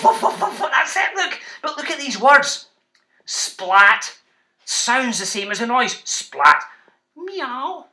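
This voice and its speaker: A Scottish man, a children's author, reading and teaching to schoolchildren in an animated, playful, teasing way. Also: very high voice.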